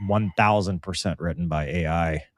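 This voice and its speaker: A man with a lowish voice hosts a casual podcast, talking animatedly and slipping into quick impressions of whoever he is quoting. The sound is dry and close, with no room echo. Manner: animated, mimics quoted voices, lots of fillers. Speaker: podcast host.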